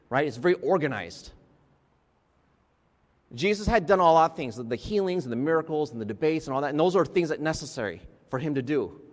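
A man preaching a sermon in a conversational way, checking in with his congregation and restarting his sentences as he goes. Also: fairly high pitch. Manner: conversational, frequent restarts and "right?" asides to the congregation. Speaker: pastor. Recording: long reverb of a large hall.

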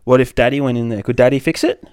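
A man's voice: mid-range voice, flat delivery, fast, a little mellow, smooth, no echo, studio quality. A man reading a comic aloud to his young child, playful and sing-song, with big reactions. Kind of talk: animated comic read-aloud.

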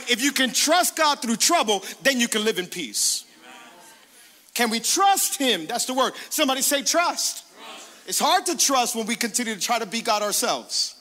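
An energetic male pastor preaches to his congregation, calling out and acting out prayers in his own voice. His voice sits high and sounds sharp and bright. The sound carries a long reverb from a large church hall. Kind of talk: sermon. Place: church sanctuary.

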